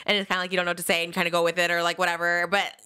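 Fast, bright-voiced American woman. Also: lowish voice, smooth. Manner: animated, filler-heavy valley-style talk. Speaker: podcast host. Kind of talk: casual podcast chat.

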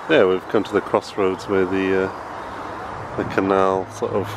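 Chatty dad on noisy camera audio. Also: male voice, low voice, little pitch movement, unhurried. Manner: chatty, switches to a sing-song voice for his child. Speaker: father vlogging with his toddler. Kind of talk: casual home vlog narration. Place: home kitchen, then outdoors by a canal. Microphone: handheld camera. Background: appliances humming, then outdoor and traffic noise.

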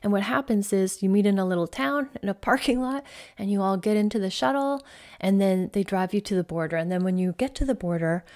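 A woman's voice: lowish voice, a little mellow. A woman, a coach hosting her own podcast, casually telling a personal travel story in a chatty, rambling way full of "like".

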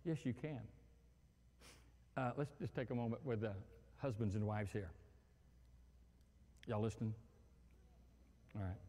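A male pastor preaching a sermon in an animated, humorous way, acting out everyday scenes. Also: medium pitch, unhurried, long pauses, in a large hall. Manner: animated, acts out quarrels and phone calls with humor.

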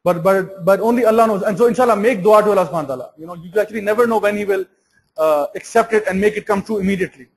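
A man's voice: high voice, very fast, vocal fry, rough recording. A man giving an earnest Islamic sermon, often restarting and repeating words. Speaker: Islamic preacher.

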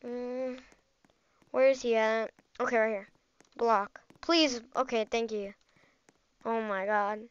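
A woman giving casual, excitable live commentary over her gameplay, rambling and chatty as she plays. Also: a little high, slow pace, pauses often, smooth, dull audio. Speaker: gaming channel host.

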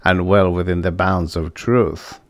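Man reading as a fat scheming crime boss, suave, pompous, unhurried, dry close audiobook sound. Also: deep voice, level tone, no echo.

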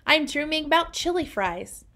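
A woman's voice: high-pitched, expressive, moderate pace, pushed and bright, pitched above the performer's own voice, heavily acted. Bob, a blunt little dog, read by a woman. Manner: blunt, untactful. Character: blunt, cheeky little male stray dog. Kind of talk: read-aloud storybook.

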